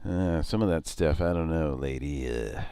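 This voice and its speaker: A man hosting a casual chat show, rambling and halting with frequent laughs, his voice a little nasal. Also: extremely low pitch, dark tone, smooth, no room sound, studio quality. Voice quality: nasal tonight. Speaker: show host. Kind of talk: casual radio-style chat.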